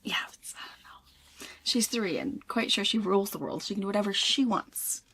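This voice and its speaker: A young woman and mother chatting casually, giggly and full of quick asides. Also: medium pitch, big pitch swings, fairly bright tone, slight background noise. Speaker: co-host, mother. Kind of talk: casual chat.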